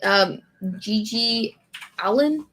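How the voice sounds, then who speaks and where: A woman streamer reading lyrics aloud in a deadpan way and chatting with her audience. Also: fairly high pitch. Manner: slow, deadpan lyric reading with bursts of laughter.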